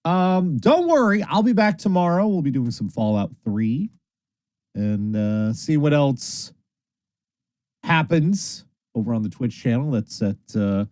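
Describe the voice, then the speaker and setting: A man hosts a late-night stream in a casual, rambling way. His pitch leaps up and down as he talks, and he sounds tired. The close mic makes his voice dry, with no room sound. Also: unhurried, dry recording. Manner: lively, rambling, swears casually. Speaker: internet radio host.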